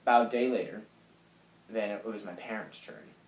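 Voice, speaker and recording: A young man in his late teens speaks in a fairly low, soft voice, picking his way through a personal story with many pauses and fillers. The sound is roomy, with the echo of a bare room at home. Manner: soft, halting, lots of fillers. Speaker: vlogger. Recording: echoey room.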